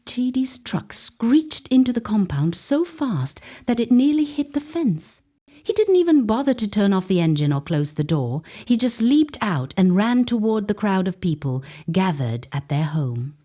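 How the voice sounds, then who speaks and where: Woman storyteller, dramatic folktale narration, warm husky voice. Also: mid-range voice, moderate pace. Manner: dramatic, expressive.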